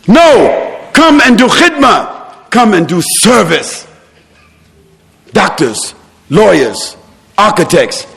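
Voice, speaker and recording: A male preacher giving an impassioned sermon in a mosque, firing off rhetorical questions and shouting for emphasis. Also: high voice, gravelly, long reverb tail. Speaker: Islamic preacher.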